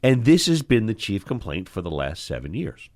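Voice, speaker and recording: A middle-aged man, an eye doctor hosting the show, telling stories from his training in an animated, expressive way that acts out the scenes. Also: fairly low pitch, moderate pace. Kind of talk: storytelling in casual conversation.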